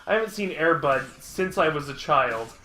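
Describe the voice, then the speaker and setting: A man's voice: a little high, animated, normal speed. A young man streaming a game, telling a long rambling story full of fillers and laughter. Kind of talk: casual gameplay chat. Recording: echoey room.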